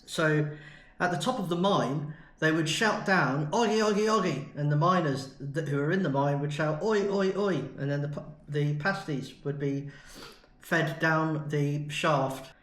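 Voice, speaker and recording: A man's voice: fairly high pitch, fairly even intonation, measured pace, a bit bright, echoey room. A man from the UK in a chatty, enthusiastic food review vlog. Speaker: food vlogger.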